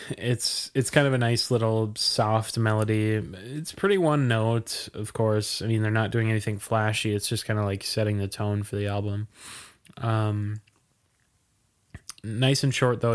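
A man's voice: on the low side, clear, resonant tone. A man in his thirties co-hosting a casual music podcast over a video call, laid-back and rambling, with lots of fillers and laughs. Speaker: podcast co-host.

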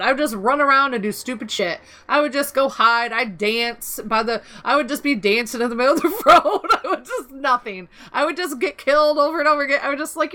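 Bright, animated woman telling stories. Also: sits high, a little fast, few pauses. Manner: animated storytelling, frequent laughter, swearing. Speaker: podcast co-host. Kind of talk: casual podcast chat.

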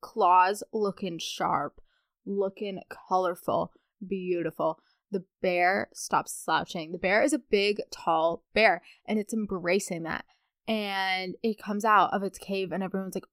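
A woman's voice: mid-range voice, fairly even intonation, slow, a bit bright, no echo, clean studio sound. A young adult woman hosting a casual solo podcast, chatting in a rambling way with playful asides. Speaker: podcast host.

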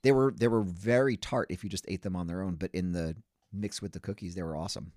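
Deep-voiced easygoing man, dry sound. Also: fast talker, a little mellow, dry recording. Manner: easygoing, repeats words, encouraging short replies. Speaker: podcast co-host. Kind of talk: casual chat.

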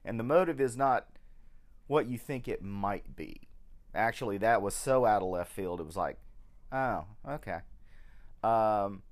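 A man co-hosting a podcast, chatting casually about an old film in a hesitant way, with many pauses and restarts. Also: fairly low pitch. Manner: slow, hesitant, full of ums and restarts. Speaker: podcast co-host.

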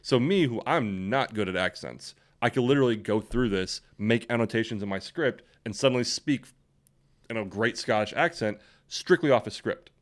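A young man co-hosts a podcast in casual conversation, laughing often and rambling with frequent restarts. His voice is fairly low-pitched and moves at normal speed.

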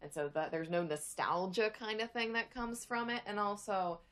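A woman's voice: mid-range voice, normal speed, fairly bright tone. A young woman co-hosting a podcast in casual chat, thoughtful and rambling. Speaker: podcast co-host.

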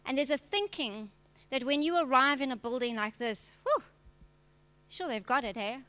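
Lady preacher, frank and punchy, cracks jokes, sharp bright voice. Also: sits high, expressive, moderate pace. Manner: direct, emphatic and frank, with humor. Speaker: preacher and church leader. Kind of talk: sermon.

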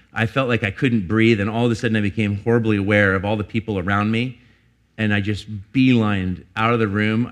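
A middle-aged man, a pastor, preaching in church in a candid, conversational way, telling a personal story with frequent restarts. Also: lowish voice. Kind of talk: sermon.

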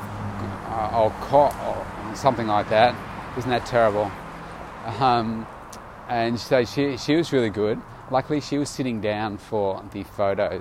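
A man's voice: on the low side, noisy background. A tired man casually recording an audio diary outdoors, rambling loosely with many fillers and restarts. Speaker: vlogger.

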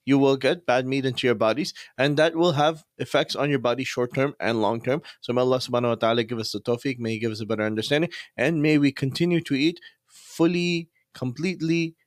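A man talks quickly and with frustration in a casual podcast rant, his voice at a middling pitch. He works Islamic phrases into his speech. The recording is dry and close, with no room echo. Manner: fast-talking, frustrated, venting. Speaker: podcast host.

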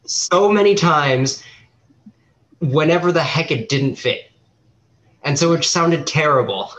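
A man's voice: fairly high pitch, expressive, takes it slowly, pauses often, fairly bright tone, low-quality recording. A teenage boy in a casual chat, giving short dry replies and explaining music. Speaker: podcast co-host.

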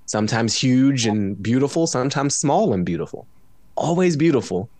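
Expressive and mid-range at normal speed, his slightly mellow voice comes through dry on a studio microphone. This tired podcast guest talks casually from home, offering reflective asides, jokes, and plenty of laughs.

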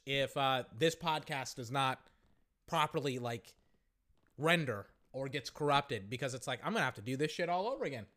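A young man hosting a casual podcast, giving play-by-play commentary on a game with slangy, excitable reactions, his voice going hoarse. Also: mid-range voice, normal speed. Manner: excitable, shouting at big plays, slangy. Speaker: podcast host.

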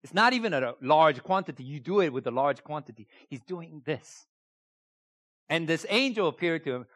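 A man's voice: on the high side, animated, normal speed, a bit bright, dry recording, studio quality. A man preaching a sermon, emphatic and repeating key phrases, often putting rhetorical questions to his listeners. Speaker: pastor.

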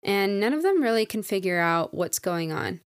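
A young woman in her twenties talks through a personal story on her own podcast, candid and reflective, her sentences loose and full of "like." Her voice sits at an everyday middle pitch. The recording is close and dry, with no room sound. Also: big pitch swings, moderate pace, no room sound. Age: 20s. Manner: candid, reflective, filler-heavy with lots of "like". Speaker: podcast host. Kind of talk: casual solo podcast storytelling.

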